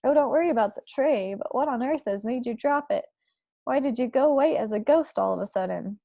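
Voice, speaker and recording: A woman's voice: high-pitched, expressive, a little fast, creaky, mellow, no echo, full character voice. A woman playing a dignified, shaken queen. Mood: alarmed. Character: distressed queen, dignified and commanding.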